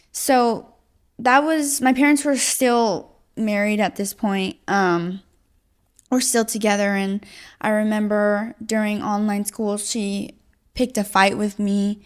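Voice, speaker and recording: A young woman in her late teens giving a personal testimony as a guest, talking in a halting, casual way full of "like". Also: medium pitch, fairly even intonation, clean tone.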